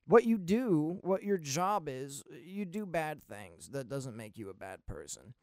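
Casual podcast host, a man who rambles through film talk with restarts, cursing and excited bursts; smooth voice, dry. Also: a little high, unhurried, dry recording. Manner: rambling, profane, full of restarts and asides; excitable, with sudden loud bursts. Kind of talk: casual film review monologue.

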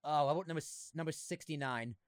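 A man's voice: a little high, quick pace, dry recording. A man guesting on a podcast in casual chat, giving blunt, joking opinions.

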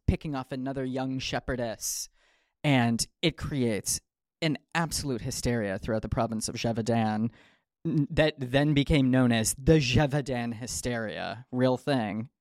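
A man's voice: mid-range voice, measured pace, a little mellow, dry recording, studio quality. A man hosting a podcast, telling a story in a playful, joking way with lots of ums and asides. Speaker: podcast host.

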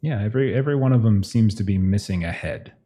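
A male game master narrating a tabletop session in a relaxed, improvising way, often chuckling. His voice is low and mellow. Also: fast.

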